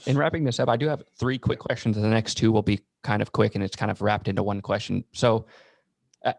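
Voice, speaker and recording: A man with a lowish, gravelly voice hosting a podcast interview. He asks questions in a measured, hesitant way. His voice sounds dry and close, with no room around it. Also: no room sound. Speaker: podcast host. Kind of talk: casual interview conversation.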